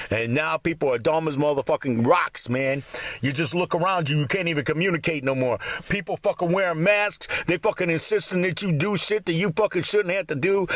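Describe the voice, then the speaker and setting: A man's voice: on the high side, a bit bright, dry recording. A man ranting to his viewers from a cold room at home, swearing constantly and rambling in a heated monologue. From Michigan. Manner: profane, swearing heavily, rambling. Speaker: vlogger.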